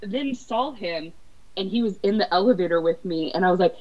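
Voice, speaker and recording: A woman guest on a podcast, telling excited fan stories in casual chat. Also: mid-range voice, fairly quick. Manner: excitable fan storytelling with laughs. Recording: dull lo-fi podcast audio.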